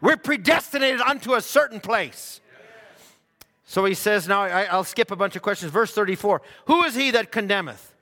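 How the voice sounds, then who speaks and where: A man preaching a sermon earnestly, often stumbling into quick restarts as he reads and explains scripture. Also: sits high, animated, sharp tone. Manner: earnest, with frequent stammered restarts. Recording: long hall reverb.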